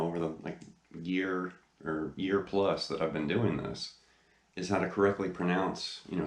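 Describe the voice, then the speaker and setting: Man, very deep voice, guitar lesson host, enthusiastic rambling, seated at camera, echoey room. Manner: enthusiastic, rambling with many fillers. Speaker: guitar teacher, channel host. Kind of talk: casual video lesson talk.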